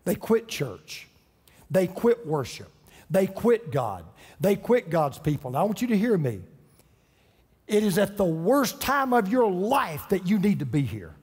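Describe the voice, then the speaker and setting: Husky-voiced man preaching with passion. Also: sits high, big pitch swings, a little slow, darkish tone, long reverb tail. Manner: impassioned preaching with dramatic quoted voices. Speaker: pastor. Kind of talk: sermon. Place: church sanctuary.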